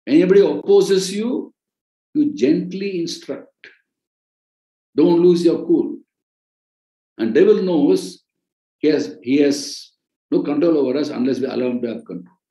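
Earnest Indian preacher with lively pitch. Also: male voice, echoey room, rough recording. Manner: earnest, repeats key phrases for emphasis. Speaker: ministry president and preacher. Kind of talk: sermon-style teaching on a podcast.

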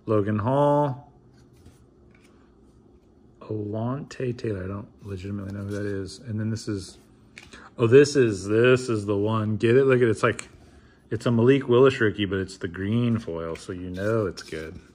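A man's voice: lowish voice, moderate pace, a little mellow, slightly rough. A man in his thirties opening trading card packs in a casual vlog, reading names aloud with wry, mumbled asides. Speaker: card opener.

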